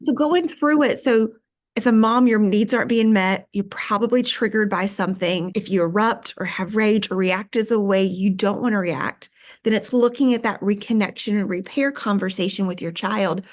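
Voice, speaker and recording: A woman's voice: mid-range voice, moderate pace. A woman co-host who sums up and affirms her guest's points in a friendly, conversational way. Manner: warm, affirming, summarizing. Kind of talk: conversational interview talk.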